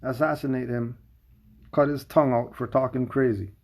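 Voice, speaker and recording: Male streamer, mid-pitched, raspy and fried, emphatic and questioning. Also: fairly even intonation, normal speed, a little mellow. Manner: emphatic, full of rhetorical questions. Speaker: commentator. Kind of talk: livestream commentary.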